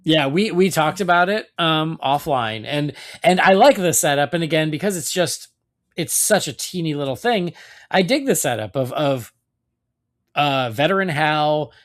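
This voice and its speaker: A man's voice: on the high side, lively intonation, normal speed. A man hosting a casual podcast chat, talking loosely with lots of fillers and hedges. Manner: chatty, hedging with many fillers.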